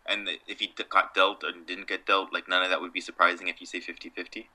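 A man's voice: low voice, flat delivery, bright, forceful tone. A young man co-hosting a casual sports chat, dry and wry, playing dumb for laughs. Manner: dry, wry, deliberately obtuse. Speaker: podcast co-host.

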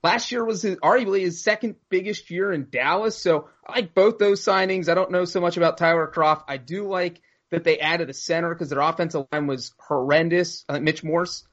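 A man's voice: on the high side, a little fast, few pauses, a bit bright. A man co-hosting a casual sports talk show, breaking down signings with numbers. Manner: analytical, citing stats. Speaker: sports podcast co-host. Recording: muffled lo-fi audio.

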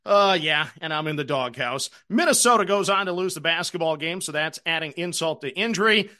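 A middle-aged sports betting show host with a high, bright voice walks through his betting card at a fairly quick clip. Animated and chatty, he recaps and offers picks while joking about his own losing streak, keeping things conversational like a self-deprecating storyteller.

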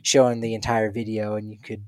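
A man's voice: lowish voice, level tone, fairly quick, a little mellow, no room sound. A man co-hosting a podcast, chatting casually and telling stories with playful quoted voices. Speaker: podcast co-host. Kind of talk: casual chat.

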